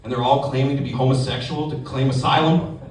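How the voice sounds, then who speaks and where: A man doing an animated stand-up set, acting out characters, recorded from a distance in an echoey comedy club with a loud crowd. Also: mid-range voice, quick pace.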